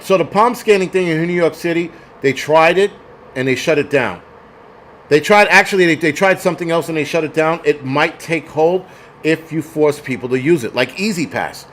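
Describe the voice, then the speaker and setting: A man's voice: on the high side, slight background noise. A man hosting a casual livestream, reading chat comments aloud and ranting bluntly with plenty of profanity.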